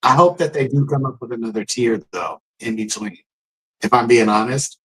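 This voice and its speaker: A man's voice: mid-range voice, normal speed, husky, rough recording. Laid-back middle-aged man co-hosting. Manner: relaxed, conversational, gives shout-outs. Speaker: live show co-host. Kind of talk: casual live-stream chat.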